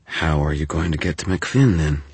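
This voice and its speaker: A man voicing a sharp, skeptical young woman who presses with quick, insistent questions. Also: very deep voice, lively intonation, slightly rough, no echo, full character voice.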